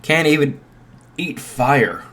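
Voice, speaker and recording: A young man improvising a fan story, halting with many restarts and fillers. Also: a little high, lively intonation, bright, forceful tone.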